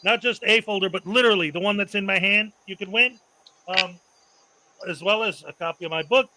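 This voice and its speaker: A man's voice: high-pitched, brisk, sharp tone, a little hiss or hum, low-quality recording. A man hosting a casual livestream, chatting loosely and laughing often as he shows off prizes. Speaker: host.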